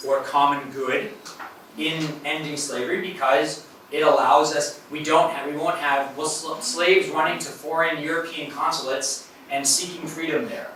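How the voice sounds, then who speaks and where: A man's voice: on the high side, fairly even intonation, moderate pace, a bit bright. A man, a university professor, giving an academic lecture in a hall in a conversational way, with fillers and self-corrections. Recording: very echoey hall, voice from a distance, faint noise.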